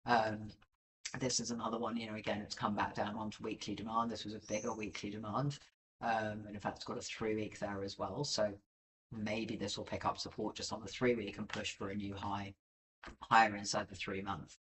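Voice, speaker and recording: Man, low voice, casual live-stream chart talk, rambling, self-deprecating, lots of ums, a bit far from the mic. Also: flat delivery, fairly quick, a bit bright. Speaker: livestream crypto chart analyst.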